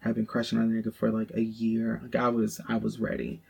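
A man's voice: fairly low pitch, monotone, fast, creaky, darkish tone, breathy edge. A young man with a Southern accent telling a personal story to his co-host in a frank, profane, casual way, full of "like". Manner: frank, profane, heavy use of "like". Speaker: podcast co-host.

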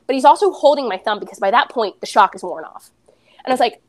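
A woman's voice: high-pitched, very animated, quick pace. A young adult woman, a podcast guest, candidly retelling a personal story and acting out the dialogue.

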